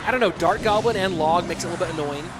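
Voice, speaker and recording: A man's voice: high-pitched, very fast, noisy background. An American man casting a game live, chatting with viewers and answering their chat between plays. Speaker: esports commentator. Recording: music behind the voice.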